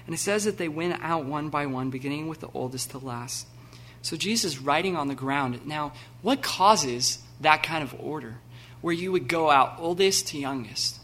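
A man preaching a sermon, animated and laughing, acting out the scenes with sudden loud bursts. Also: a little high, moderate pace, hardly any pauses. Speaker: pastor.

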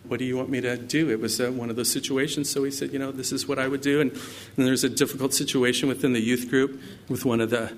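A man's voice: mid-range voice, level tone, fast talker. Man preaching a sermon, conversational. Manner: conversational preaching with scripture reading. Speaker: pastor.

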